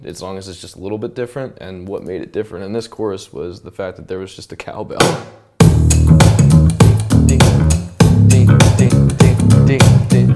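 A man explaining how he built a song in casual studio talk, animated and humming parts out loud to show them. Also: lowish voice. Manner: animated, hums and vocalizes parts to demonstrate. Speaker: songwriter and producer. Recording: loud music playing under the voice.

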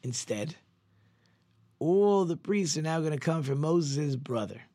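A man who is a rabbi, giving a Torah lesson in an animated storytelling way, with sudden jumps in pitch and frequent conversational restarts. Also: measured pace, dry recording, clean studio sound.

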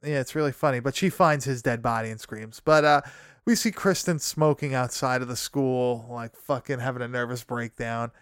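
A young man with a smooth, resonant voice chats through a horror movie recap. He swears freely, laughs at his own remarks and rambles along with lots of fillers. The recording is dry and close. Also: medium pitch, moderate pace, hardly any pauses, no room sound. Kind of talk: casual movie recap chat.

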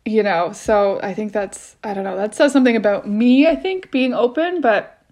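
Speaking at normal speed with a medium pitch and a darkish tone, this mother in her thirties shares a personal story as a podcast guest. She's expressive and casual, rambling along with many restarts.

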